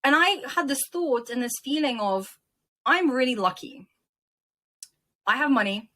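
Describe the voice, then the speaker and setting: A young woman from Ukraine, interviewed as a guest, retelling events in an animated, emotional way. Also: sits high, unhurried. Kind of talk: casual interview storytelling.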